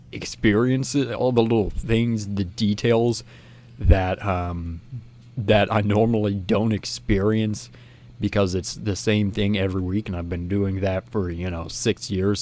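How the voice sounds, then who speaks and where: A young man with a low-pitched voice recounts a story in casual, chatty fashion. He rambles, restarts his sentences and leans on fillers as he goes. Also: darkish tone. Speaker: channel host.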